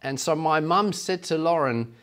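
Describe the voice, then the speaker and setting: Casting: middle-aged male preacher, slightly higher voice, animated storyteller. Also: moderate pace. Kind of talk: sermon.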